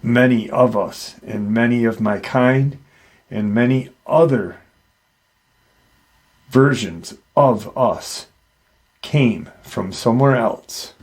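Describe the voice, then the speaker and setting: A man voicing a calm, kindly male dogman creature that speaks slowly and softly in a solemn way. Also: medium pitch.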